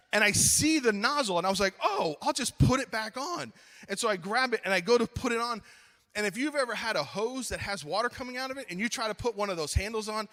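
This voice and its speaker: Animated man preaching in an echoing hall. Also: high-pitched. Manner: animated, acts out his own story, then slows to earnest appeals. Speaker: youth conference speaker. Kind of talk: storytelling sermon.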